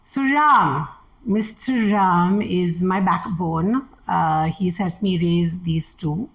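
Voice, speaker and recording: A woman's voice: lowish voice, takes it slowly, low-quality recording. A middle-aged woman telling candid family stories as an interview guest, acting out the dialogue she quotes. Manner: animated, acts out quoted dialogue. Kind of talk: candid personal storytelling.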